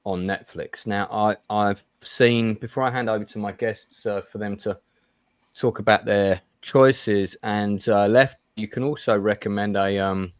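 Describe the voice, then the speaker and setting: A man's voice: fairly low pitch, fairly even intonation, measured pace, clear, resonant tone, no echo, studio quality. A man hosting a casual chat show, talking bluntly with lots of fillers and restarts. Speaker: host.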